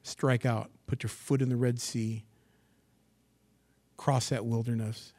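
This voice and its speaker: Guy pastor preaching a sermon, reads the verses then riffs on them, goes quiet then gets all fired up. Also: mid-range voice, a little slow, long pauses. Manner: expressive preaching, swings from hushed asides to excited bursts; reads scripture aloud, then comments on it. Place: church assembly.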